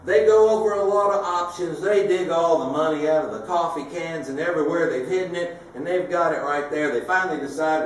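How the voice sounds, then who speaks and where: Animated preacher in an echoey hall. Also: male voice, high voice, fairly quick, far from the mic, a little hiss or hum. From south Louisiana. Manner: animated, laughing at his own punchlines. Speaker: preacher telling jokes. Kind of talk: comedic storytelling to a live audience.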